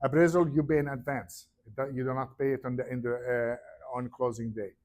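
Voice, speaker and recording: A man's voice: medium pitch, normal speed. A man giving a real estate seminar, telling stories animatedly and acting out the people in them. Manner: animated storyteller, acts out quoted voices. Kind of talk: seminar talk to an audience.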